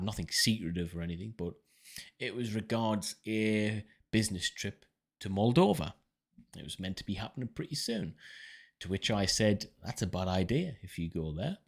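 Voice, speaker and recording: A deep-voiced man hosts a live stream, reading out viewer comments and answering them. He speaks in a relaxed, chatty way, with plenty of ums and uhs, and calls his viewers brother. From United Kingdom. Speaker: livestream host reading viewer questions.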